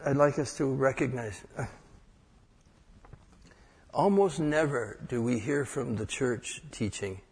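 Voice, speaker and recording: A man's voice: medium pitch, darkish tone, breathy edge. A man preaching an informal sermon as pastor, folksy and joking, acting out short prayers. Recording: echoey hall with long reverb.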